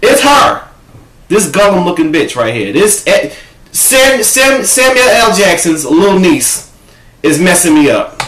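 A man vlogging a casual reaction-video rant from home, sassy, profane and animated, talking to his own camera. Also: sits high, a little slow, slight background noise. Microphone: camera set up in front of him. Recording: echoey room.

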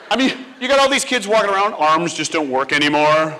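A man giving a comic talk on stage, acting out children and teachers in an animated way. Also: on the high side, fairly quick, hardly any pauses, a little hiss or hum. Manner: animated, acts out kids and teachers. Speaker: speaker.

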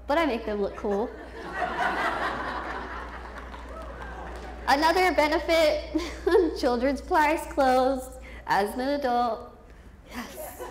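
Twenties woman giving a talk, kinda high voice, pokes fun at herself, echoey hall. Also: a little hiss or hum. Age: 20s. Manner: candid, self-deprecating, laughs often. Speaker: motivational speaker. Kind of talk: personal storytelling speech. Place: event hall with a youth audience. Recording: echoey room.

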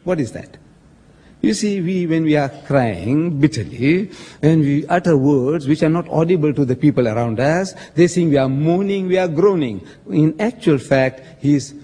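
A man whose voice is a little high, mellow and slightly rough argues emphatically and pointedly in a public religious debate. Quoting scripture with dramatic stress, he calls his opponent sir, and the hall is echoey with long reverb.

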